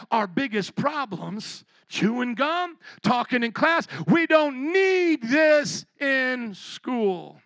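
A man's voice: very high voice, sharp tone, dry recording, low-quality recording. A male pastor from Chicago preaching a sermon, talking to his listeners and urging them to respond. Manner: preaching, urging the congregation to answer back.

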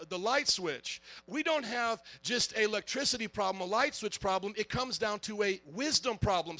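A man preaching a lively sermon in church, drifting into Southern slang when he gets worked up. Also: high voice. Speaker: pastor.

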